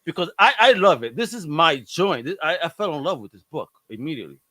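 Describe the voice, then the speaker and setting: An excitable middle-aged man from Brooklyn, talking in slang and cursing freely. His voice sits high and swings widely in pitch. It sounds bright and dry, with no room around it. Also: quick pace, dry recording. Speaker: podcast host. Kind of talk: casual chat.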